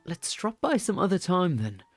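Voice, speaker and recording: A man's voice: sits high, wildly swooping pitch, moderate pace, no room sound, faint music behind, pitched above the performer's own voice. A man doing a timid student in fake British. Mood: polite. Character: timid young male student narrator. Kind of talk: visual novel voiced reading.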